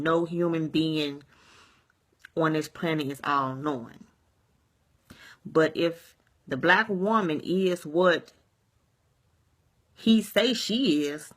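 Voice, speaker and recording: A woman rants to her viewers in a bright, forceful voice. She rambles, circles back to the same points, tacks "you see what I'm saying" onto her thoughts and swears without a second thought. She talks from home at the close of her day. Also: sits low. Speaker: vlogger. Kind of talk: casual vlog rant. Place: at home at day's end, sage and candles burning.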